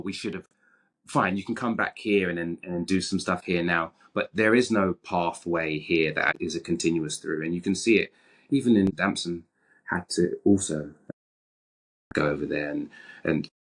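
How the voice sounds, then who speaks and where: A British man with a very low voice talks openly in an interview. He is animated and frank, and he often repeats his opening words before he finishes a thought. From Britain. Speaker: actor, guest. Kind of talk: candid interview conversation.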